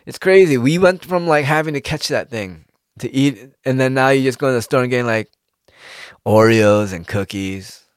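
A young man talking casually and rambling, with plenty of swearing. His voice sits at a middle pitch but jumps up sharply when he gets worked up. The sound is close and dry. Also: normal speed, clean tone, no room sound. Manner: animated, profane, rambling with sudden pitch jumps. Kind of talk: casual monologue.

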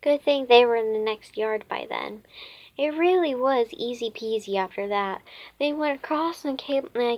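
A woman reading a children's book aloud, halting often with fillers and restarts. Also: fairly high pitch, no echo, muffled recording. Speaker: reader.

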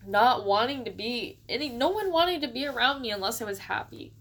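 A young adult woman in a personal, reflective monologue, speaking in a halting, emotional way and close to tears. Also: a little high, animated, a bit bright, a little hiss or hum. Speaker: vlogger.

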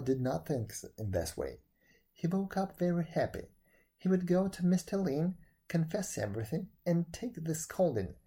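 A man reading a folk tale aloud as narrator, with dramatic, expressive delivery. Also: mid-range voice, breathy edge.

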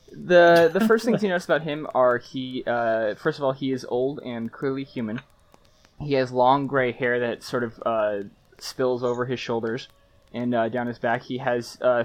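A man narrating as game master, searching for words with frequent fillers and restarts. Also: medium pitch.

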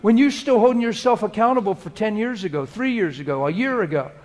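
A pastor preaching a sermon to a congregation in a room, talking straight to the people in front of him. He swings from soft, hushed prayer to loud, lively preaching. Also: high voice, fast. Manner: earnest, conversational preaching, addressing the room directly. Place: church hall before a congregation.

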